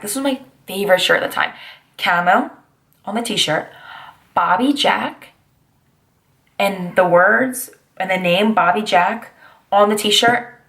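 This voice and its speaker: A woman's voice: mid-range voice, a bit bright. A woman in her twenties talking through personal memories in a chatty, rambling vlog, breaking into sassy asides along the way. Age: 20s. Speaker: vlogger.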